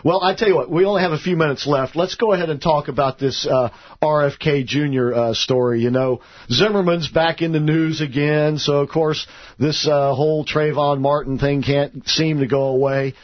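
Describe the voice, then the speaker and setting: A man hosting a talk radio show, opinionated and quick to push back on callers. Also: on the high side, steady tone. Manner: opinionated, stammers when interrupted. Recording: muffled radio broadcast.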